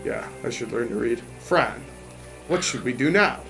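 A woman voicing a protective male talking cat in a game, low and serious. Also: expressive, normal speed, creaky, music in the background, exaggerated voice, poor audio. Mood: gruff.

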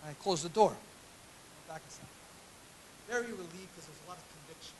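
An older man preaching a sermon as pastor, shouting his points with emphasis and then dropping to quiet storytelling. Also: high voice, fairly quick, a little hiss or hum.

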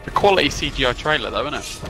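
A man's voice: medium pitch, animated, fast, vocal fry, over music. A man bantering bluntly with a friend while reacting to a game showcase. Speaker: co-viewer friend. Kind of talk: casual live reaction chat.

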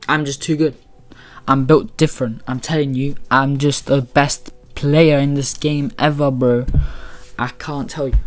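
A man giving casual gaming commentary as a YouTuber, boastful and hyped, full of slang. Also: mid-range voice.

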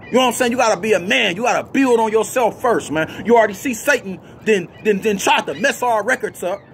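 High-voiced, fiery, blunt street preacher man. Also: fast, a bit bright, a little hiss or hum. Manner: fiery and blunt, cussing, with constant "you see what I'm saying" and "man" tags. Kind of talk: freestyle street sermon to camera.

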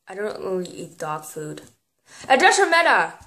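A teenage girl, filming a casual vlog and getting excitable, squealing when something pleases her. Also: mid-range voice, measured pace. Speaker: vlogger. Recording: echoey room.

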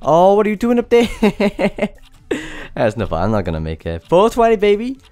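A man streaming a stressful game, his pitch leaping wildly between low mutters and high yelps as he swears and urges himself on. The sound is dry and close, with faint game music underneath. He sounds breathless and frantic throughout. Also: huge pitch swings, normal speed, a little mellow, no room sound. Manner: swearing, frantic exclamations while playing. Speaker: gaming channel host. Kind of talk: let's play commentary.

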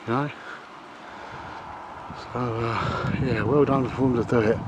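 A middle-aged man, out of breath, talking haltingly to a handheld camera outdoors at night in the rain, with many ums and uhs. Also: mid-range voice, fairly even intonation, lo-fi sound, very noisy. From England. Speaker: vlogger. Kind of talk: casual vlog to camera.

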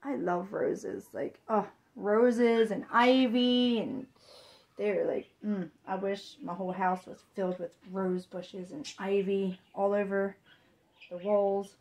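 A young adult woman vlogging an unboxing, gushing with excited exclamations. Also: mid-range voice, slow. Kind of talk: unboxing chat.

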